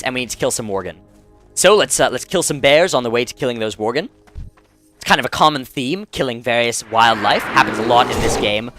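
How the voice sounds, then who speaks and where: A man's voice: mid-range voice, a bit bright. A man, the host, giving chatty, rambling commentary over his gameplay and correcting himself often. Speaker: let's play host.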